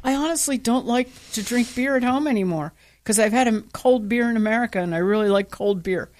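A woman's voice: fairly high pitch, a little fast. A woman co-hosting a talk radio show, chatting casually and telling stories with acted-out quotes. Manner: animated storyteller, acts out quotes.

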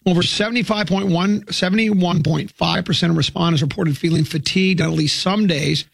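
A man's voice: high-pitched, brisk, gravelly, no echo. A man hosting a radio talk show, reading health news aloud and breaking off for jokes. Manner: wisecracking, reads news items aloud with asides. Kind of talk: jokey morning show banter.

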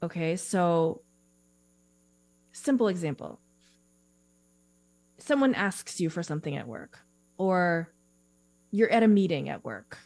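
Casting note: a woman career coach, chatty and warm-paced, low-ish voice, very dry close sound. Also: slow, pauses often, no room sound. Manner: chatty, animated, frequent "like" fillers. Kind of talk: podcast interview. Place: home office, remote call.

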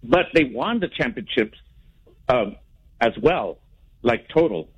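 A man calling in to a sports radio show, speaking haltingly with many fillers. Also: mid-range voice, animated, husky, muffled recording. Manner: hesitant, halting. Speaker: caller. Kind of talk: casual call-in.

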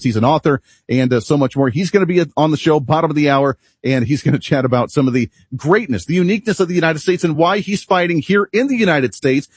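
A man's voice: fairly high pitch, husky, no room sound. A man hosting a political talk radio show in the studio, speaking in an opinionated, brash and jokey way. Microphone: studio microphone.

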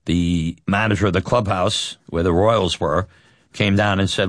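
A man telling a personal story, animated and self-deprecating, laughing as he goes. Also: deep voice, unhurried, dry recording, studio quality. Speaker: storyteller recounting his youth.

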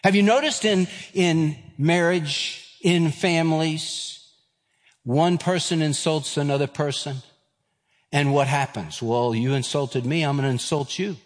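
A man's voice: fairly high pitch, unhurried, big-room sound. A man in his fifties, a pastor giving a sermon, telling a personal story with humor and acting out voices. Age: 50s. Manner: storytelling, acts out voices, self-deprecating humor.

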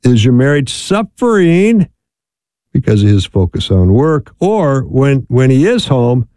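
A middle-aged man hosting a call-in radio show with a mellow, warm tone. He talks in a chatty, folksy way. The sound is dry and close, as from a studio mic. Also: medium pitch, big pitch swings, unhurried, no room sound. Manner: chatty, folksy, laughs easily. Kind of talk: casual call-in radio talk.

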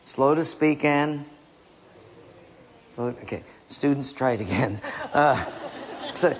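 A man's voice: mid-range voice, slow, a little hiss or hum. A man preaching a sermon emphatically, often dropping to a near-whisper, in a church hall. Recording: long hall reverb.

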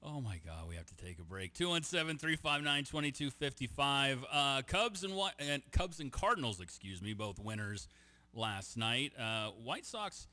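A man's voice: medium pitch, lively intonation, normal speed, sharp tone. A man hosting a sports talk radio show, joking casually and reading out the text line number.

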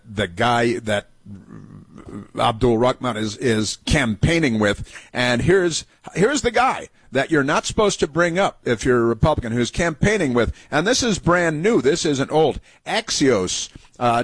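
A man hosts an opinionated talk radio show, sounding indignant and sarcastic as he rambles with many fillers while introducing audio clips. His voice is medium-pitched and husky, and the recording is dry.

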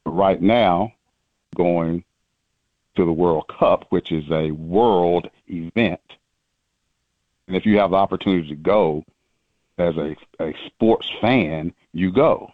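A man's voice: deep voice, slow, long pauses, no echo, narrow, tinny audio. A man hosting a radio show in bantering talk, stressing the last word of each sentence.

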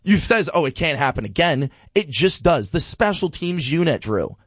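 A man co-hosting a sports podcast, giving exasperated, animated commentary and repeating a refrain. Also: fairly high pitch, normal speed, slightly rough, no room sound.

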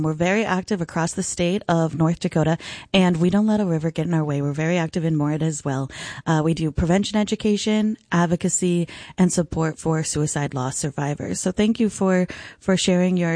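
A woman speaking as a nonprofit representative in an interview, clear and earnest with polished talking points. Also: lowish voice, darkish tone, dry recording, clean studio sound. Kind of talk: interview guest, informative.

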